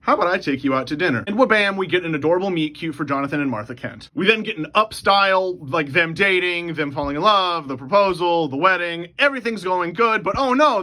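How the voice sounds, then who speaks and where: A man rattles off his own superhero movie pitch as a comedic, rapid-fire story, swearing freely and getting excited. His voice sits high and sounds bright and forceful. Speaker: movie pitch channel host.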